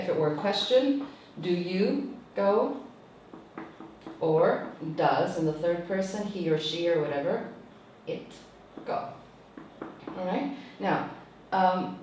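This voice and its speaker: A woman's voice: lowish voice, darkish tone, slight background noise. A woman teacher trainer giving a tutorial lecture, explaining patiently and checking in with "okay?" after each point. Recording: echoey room, mic far off.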